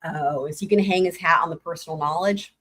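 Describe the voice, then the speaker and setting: A woman's voice: low-pitched, quick pace, a bit bright. A woman streaming live trial commentary, reading legal filings aloud and breaking in with incredulous, sarcastic asides.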